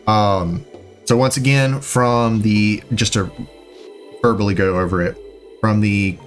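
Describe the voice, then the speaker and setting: A man recording a let's play, casually talking viewers through the route with rambling, self-correcting directions. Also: fairly low pitch. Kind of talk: casual gameplay commentary, walkthrough guide.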